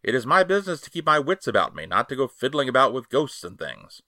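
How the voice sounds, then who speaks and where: A man's voice: mid-range voice, big pitch swings, fast, sharp tone, no echo, clean studio sound. A man doing a blunt, stubborn ship's surgeon. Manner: curt, firm, a bit triumphant.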